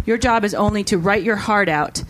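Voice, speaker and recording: Woman panelist, mid-pitched, measured and sincere, faint hiss behind her. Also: poor audio. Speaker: author on a panel. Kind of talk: panel discussion, reading a quote.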